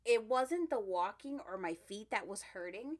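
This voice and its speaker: Expressive and mid-range, moving at a moderate pace, this middle-aged woman's voice belongs to a podcast co-host. She is a chatty storyteller in casual conversation who laughs frequently.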